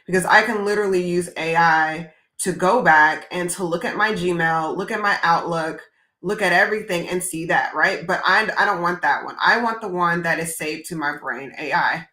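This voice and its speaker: Brief: upbeat woman webinar presenter, bright forceful voice, direct and conversational, echoey room. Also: fairly low pitch, normal speed. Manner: direct, energetic, conversational with "y'all" and "right?". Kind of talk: live webinar demo.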